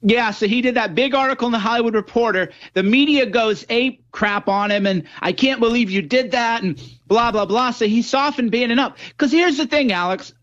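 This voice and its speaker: A man's voice: extremely high pitch, a little fast, hardly any pauses, lo-fi sound. A man appearing as a guest commentator on a political talk show, telling stories and acting out what others say. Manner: animated storytelling, acts out quoted voices.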